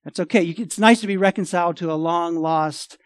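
Emphatic high-voiced preacher man. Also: a little fast, no echo, studio quality. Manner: emphatic, swings between loud and quiet; repeats and restarts phrases. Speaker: pastor. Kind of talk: sermon.

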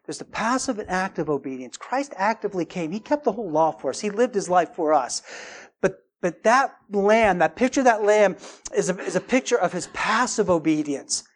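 A woman delivers a sermon in a loose, conversational way. Her voice sits at an ordinary middle pitch. She leans hard on key phrases and often repeats words as she presses a point home. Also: lively intonation, normal speed. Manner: emphatic, casual preaching with repeated words. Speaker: preacher.

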